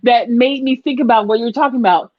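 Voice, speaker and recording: A woman's voice: a little high, quick pace, no room sound. A woman co-hosting a casual podcast chat, telling stories bluntly with plenty of cursing. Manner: blunt, profane, animated storyteller. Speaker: podcast co-host. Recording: dull lo-fi dry sound.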